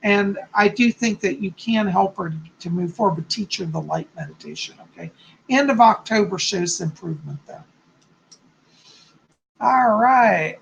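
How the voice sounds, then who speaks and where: A man with a gravelly, fry-edged voice hosts a live psychic reading stream. He reads out viewers' questions, then answers each one softly and reassuringly, in a conversational tone. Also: high voice, measured pace, muffled recording. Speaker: psychic host.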